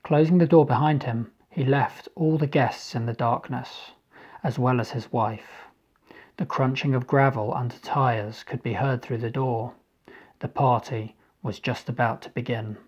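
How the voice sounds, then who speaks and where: A man, the author, reading his novel aloud in a measured, steady storytelling manner. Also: mid-range voice, slightly rough, muffled recording. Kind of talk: scripted narration.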